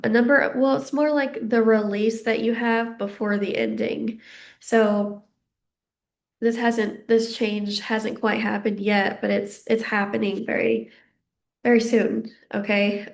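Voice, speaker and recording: Young female tarot reader, slightly breathless, gravelly, unhurried and soothing. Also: mid-range voice. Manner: gentle, reassuring, meandering with fillers. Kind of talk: casual psychic reading to camera.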